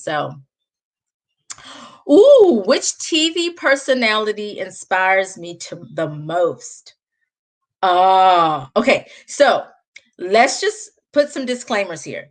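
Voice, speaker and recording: A woman's voice: medium pitch, very animated, unhurried. Southern lady chatting live to her viewers, laughs a lot, easygoing, talking into a webcam at home. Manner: chatty, laughs often, speaks straight to viewers. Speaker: livestream host. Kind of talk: casual live chat.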